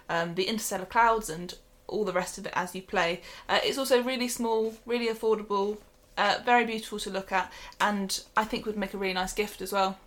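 A woman's voice: medium pitch, fairly bright tone. Woman recommending board games, casual chat. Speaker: board game podcast co-host.

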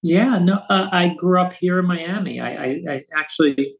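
A man in his fifties from the United States, an author telling stories with quick asides as a podcast guest. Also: sits high, vocal fry, rough recording. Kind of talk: storytelling interview.

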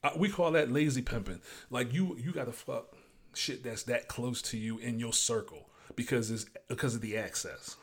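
A man's voice: mid-range voice, moderate pace, husky. Blunt, profane man ranting solo. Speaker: show host. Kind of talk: casual monologue.

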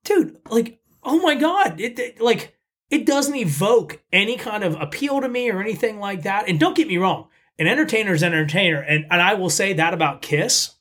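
A man's voice: sits high, lively intonation, moderate pace, fairly bright tone. A man chatting casually as a podcast guest, telling blunt, profane stories. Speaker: podcast guest, pizza shop owner. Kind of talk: casual chat.

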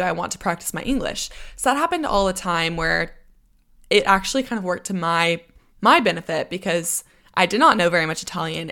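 A woman's voice: mid-range voice, fairly bright tone. Chatty young American woman rambling. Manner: chatty, rambling with side notes. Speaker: podcast host. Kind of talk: casual solo monologue.

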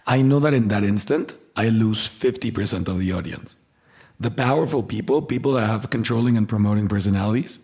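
A man on a podcast chatting casually and animatedly, acting out the voices of the people he describes. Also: fairly low pitch. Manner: animated storyteller, acts out quoted voices. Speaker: podcast co-host, personality trainer.

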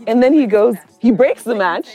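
A woman's voice: on the high side, normal speed, faint music behind. A woman hosting a casual chat, telling a dating story with lots of laughter and acted-out voices. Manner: animated, laughing, acts out voices in her story. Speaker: podcast host.

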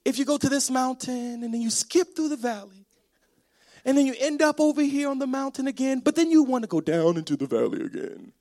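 Man doing a rambling wife, higher voice, slow winding talk. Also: lively intonation, darkish tone. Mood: meandering. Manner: winding, drawn-out. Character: rambling adult wife, meandering slowly.

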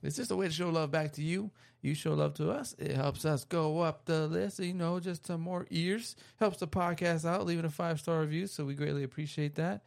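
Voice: medium pitch, fairly even intonation, fairly quick, gravelly, few pauses, darkish tone. A podcast host in casual chat, reading listener reviews aloud in a playful, rambling way and laughing easily.

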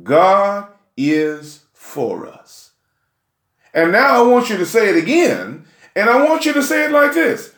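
A man preaching a sermon, emphatic and rousing, often asking "Huh?" and rising to shouts. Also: extremely high pitch, sing-song, a little fast, echoey room.

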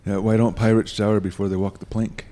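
A man's voice: lowish voice, level tone, quick pace, dark tone. A man co-hosting a podcast in casual chat, trading corny dad jokes. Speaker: podcast co-host.

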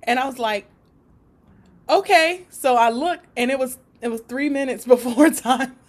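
A woman recounts a story from her work in a lively, animated way, laughing often and slipping into the voices of the people she describes. Her delivery is conversational and unscripted. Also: sits high, moderate pace. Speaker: guest; support worker for people with autism.

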